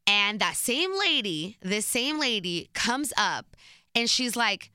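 A young woman telling a story to camera in a chatty, casual way, full of fillers and lively retelling. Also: medium pitch, slow pace, smooth, no room sound, studio quality. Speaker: vlogger.

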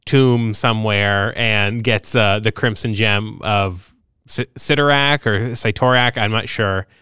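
A man's voice: fairly low pitch, level tone, takes it slowly, bright, forceful tone, clean tone, no echo, clean studio sound. A man co-hosting a podcast, chatting casually and rambling with lots of fillers and crude jokes. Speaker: podcast co-host. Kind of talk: casual chat.

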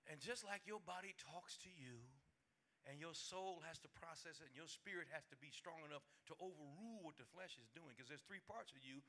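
Folksy and colloquial, a man preaching his midweek sermon as pastor fills it with funny stories, laughter, and acted-out voices. His pitch is a little high and his pace fairly quick.

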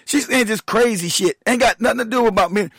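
A man rants heatedly on his livestream, swearing freely and breaking into laughter. His voice sits high for a man and sounds dry and close. He keeps trailing off and muttering as he wrestles with his computer. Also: fairly quick, a bit bright, slightly rough, no room sound. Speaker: show host, military veteran. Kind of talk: profane livestream rant.

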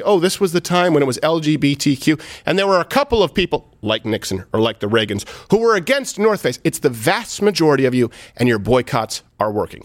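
Animated sarcastic male talk-show host. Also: medium pitch, no room sound, clean studio sound. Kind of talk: comedic political talk show banter.

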